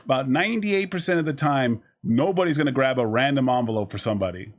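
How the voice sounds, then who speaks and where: A man streaming live, giving casual, profane, rambling life advice to his chat and slipping into quick mock voices. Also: mid-range voice, lively intonation.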